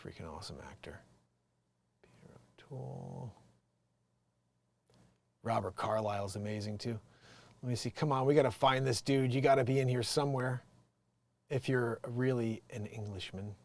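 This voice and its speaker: This is a man running a loose, casual livestream, thinking out loud as he goes. His voice sits at a middling pitch and keeps sliding between quiet, almost whispered mumbling and sudden loud excitement. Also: normal speed, creaky, long pauses. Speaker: livestream host.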